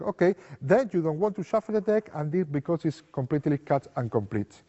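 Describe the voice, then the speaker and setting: Lively and somewhat fast, a man with a highish, mellow voice rarely pauses as he walks through card magic technique. His English is non-native, his phrasing simple and repetitive, and he acts out lines for an imagined spectator. The audio is dull and lo-fi, with long reverb.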